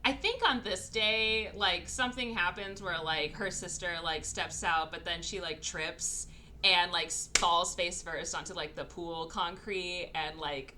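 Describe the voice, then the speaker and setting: A woman's voice: fairly low pitch, steady tone, measured pace, noisy background. A young woman co-hosting a podcast, casually retelling a movie plot with many fillers and acting out quoted lines. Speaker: podcast co-host.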